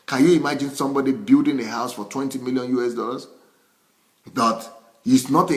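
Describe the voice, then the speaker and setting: Emphatic male pastor preaching. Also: mid-range voice. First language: Yoruba. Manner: animated, emphatic preaching with many restarts and repeated phrases. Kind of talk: sermon.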